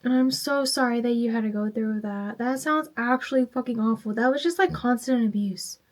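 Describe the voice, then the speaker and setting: High-voiced tipsy woman chatting to camera. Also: normal speed. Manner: chatty, swears freely, reacts emotionally between stories. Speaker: vlogger. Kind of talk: casual reading of online stories while doing makeup.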